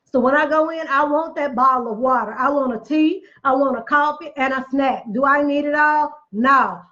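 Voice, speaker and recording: A motivational speaker gives a casual talk in a high, fairly bright voice, though the recording is muffled. She is emphatic and preachy, repeating phrases for effect and adding chatty, folksy asides.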